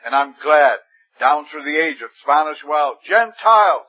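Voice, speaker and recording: A man's voice: fairly high pitch, expressive, a little slow, slightly rough. A man preaching a sermon with fervent emphasis, his voice rising suddenly on key words. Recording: dull lo-fi recording.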